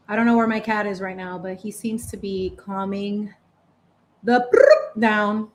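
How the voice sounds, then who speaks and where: A woman's voice: medium pitch, steady tone, a little slow. A woman hosting a casual paint-along chat, talking in a chatty, playful way with lots of slang. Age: adult parent. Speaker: channel host.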